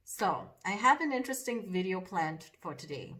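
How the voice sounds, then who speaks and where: A woman's voice: lowish voice, very animated, moderate pace, a bit bright. A woman makeup vlogger chatting casually to camera in a chatty, self-deprecating way. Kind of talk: casual vlog chat.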